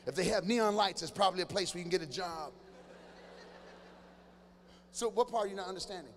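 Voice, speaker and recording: A male stand-up comedian riffing with someone in a live audience, teasing loudly and breaking into sudden shouted bursts. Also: high-pitched, a little fast. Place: large church hall before a live audience. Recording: reverberant hall with faint ambient noise.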